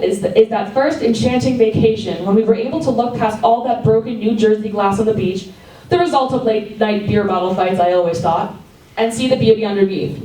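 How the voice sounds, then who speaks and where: A woman's voice: fairly high pitch, warm tone. A woman at an open mic reading a reflective personal essay aloud in a coffee house, now and then restarting a phrase. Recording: echoey room from far off.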